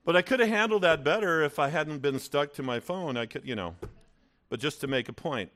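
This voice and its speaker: A male pastor preaching a sermon in a church, telling personal stories in an animated way with stammering restarts. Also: on the high side, brisk.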